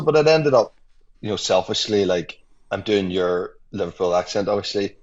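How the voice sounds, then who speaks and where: A man in his forties, a guest actor in a casual radio conversation, reflective and quick to laugh. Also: low-pitched, slight background noise. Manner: reflective, laughs often, many restarts.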